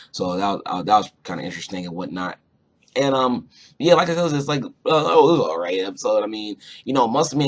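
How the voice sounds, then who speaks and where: A young man's husky, low voice rambling through a casual cartoon review. He swears freely and keeps circling back with fillers. He sounds loose and unpolished, with a grainy edge to every word. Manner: rambling, profane, lots of fillers. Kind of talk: casual episode review vlog.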